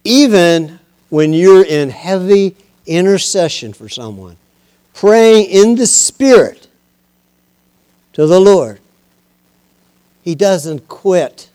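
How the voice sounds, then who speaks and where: A high-voiced man preaching a sermon as pastor. He talks to his congregation in an easy, conversational way, then rises into loud, impassioned exhortation. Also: expressive, takes it slowly, pauses often, clear, resonant tone.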